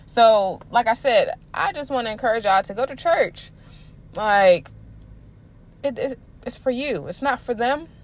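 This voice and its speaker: Chatty young woman, slightly high voice. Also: unhurried. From Maryland, USA. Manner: chatty, animated storytelling with slang and laughs. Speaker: podcast host. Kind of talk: casual solo podcast talk.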